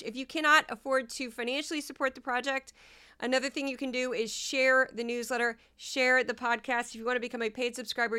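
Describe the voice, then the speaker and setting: A woman from Missouri hosts a solo podcast, talking casually with a sarcastic, mocking edge. Her voice is on the high side, sharp, and clean.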